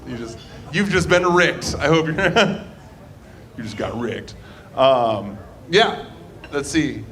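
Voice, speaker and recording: A man's voice: a little high, fairly bright tone. A man hosting a comedy show, introducing the next comics from the stage. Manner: upbeat, announcing comics. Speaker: show host. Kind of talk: emcee introductions. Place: comedy club.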